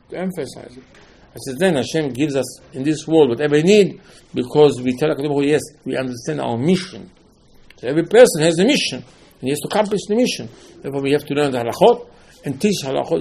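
Gravelly emphatic male rabbi. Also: a little high, a little mellow. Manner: emphatic, rhetorical questions, acts out dialogue. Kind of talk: Torah lecture.

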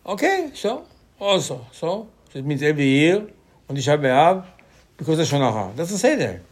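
A man's voice: a little high, animated, brisk. A man giving an informal Torah lecture, arguing through rhetorical questions with his voice rising sharply.

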